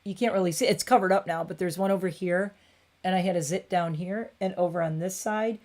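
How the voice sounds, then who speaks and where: A woman's voice: fairly low pitch, steady tone, fairly quick, a little mellow. A woman in her forties chatting casually on a beauty livestream from her home bathroom, rambling and cooing at her cat.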